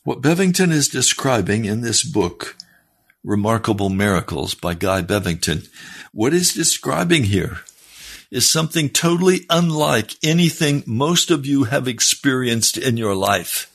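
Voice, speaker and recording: Male pastor, middle-aged, unhurried pleading sermon delivery, a bit raspy. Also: big pitch swings, fairly bright tone. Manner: earnest, pleading, rises in pitch when exhorting. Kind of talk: sermon with read-aloud testimony.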